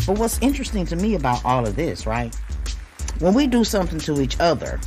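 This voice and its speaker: A woman hosting a podcast, talking bluntly in a casual, profane monologue that swings between loud and hushed. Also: deep voice, big pitch swings, fairly quick, soft background music. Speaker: podcast host.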